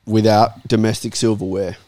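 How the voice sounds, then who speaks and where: A man's voice: on the low side, level tone, moderate pace, warm tone. An Australian man co-hosting a casual football podcast, teasing and provoking the others with his opinions. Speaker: podcast co-host, Arsenal fan.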